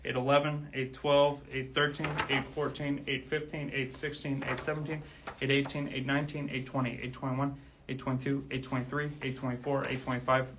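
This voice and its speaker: A man's voice: mid-range voice, flat delivery, fairly quick, background noise. A man talking casually on his own livestream, counting steadily and then thanking listeners, out of breath. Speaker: drummer streaming live.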